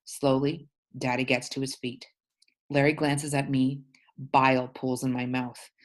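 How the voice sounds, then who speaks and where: Deep-voiced woman teacher reading aloud. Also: level tone. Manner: pauses to explain words. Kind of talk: reading a novel aloud to a class.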